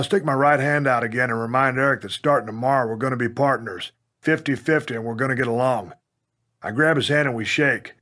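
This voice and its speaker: A man from Texas narrating his own memoir as an audiobook, in a gruff, plainspoken storytelling way with some mild cursing. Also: mid-range voice, brisk. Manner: punches up quoted lines with loud bursts.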